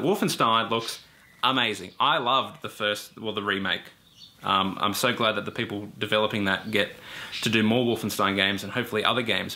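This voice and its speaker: A man's voice: on the low side, pushed and bright. A man giving blunt, profane, rambling opinions on video games straight to his viewers. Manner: rambling with fillers and self-corrections. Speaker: gaming YouTuber. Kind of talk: casual opinion rant to camera.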